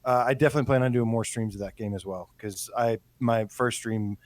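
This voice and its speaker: A man's voice: medium pitch, brisk, darkish tone. A man hosting a live gaming stream, chatting with enthusiasm and moving the show along. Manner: enthusiastic, steers the show back on track. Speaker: podcast host. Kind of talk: casual chat on a live stream.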